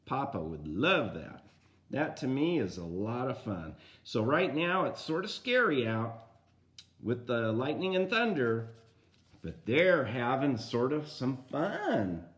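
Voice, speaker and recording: An older man reads a picture book to small children, gently and slowly. His voice rises and falls a lot as he stops to ask them questions. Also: medium pitch. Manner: gentle, talks directly to young listeners. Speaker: grandfather reading a picture book aloud. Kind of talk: storybook read-aloud with asides to children.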